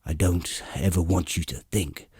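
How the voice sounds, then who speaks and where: Male narrator doing an old dwarf, gruff and husky, low and dark. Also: unhurried, no echo, clean studio sound, full character voice. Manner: gruff, grumbling.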